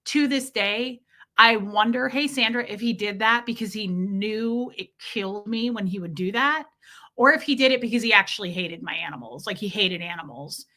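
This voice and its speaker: A woman's voice: mid-range voice, animated, moderate pace, sharp tone. A young woman hosting a livestream from a room at home with her pets, talking candidly and emotionally with lots of fillers and restarts. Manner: emotionally charged, near tears. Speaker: livestream host. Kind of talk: casual confessional livestream talk.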